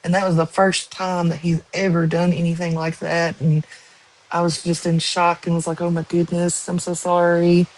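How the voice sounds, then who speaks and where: A woman's voice: on the low side, little pitch movement, a little mellow, poor audio. A woman chatting casually and rambling to viewers on a live stream. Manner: slow, rambling, with many ums and likes.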